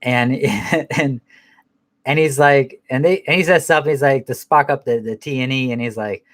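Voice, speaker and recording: A man talking loosely about a movie he watched, cursing often and circling back on his own sentences. His pitch sits in an ordinary middle range for a man. He laughs at his own jokes and keeps tagging his lines with "man.". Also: moderate pace, fairly bright tone. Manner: rambling and profane, with many restarts and "man" tags. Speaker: film review host. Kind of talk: casual film review chat.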